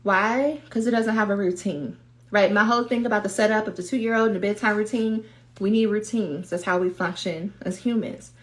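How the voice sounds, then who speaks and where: A woman giving a livestreamed coaching talk to doctoral students, direct and animated. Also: mid-range voice, normal speed. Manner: animated, direct, acts out quoted voices. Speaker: dissertation coach.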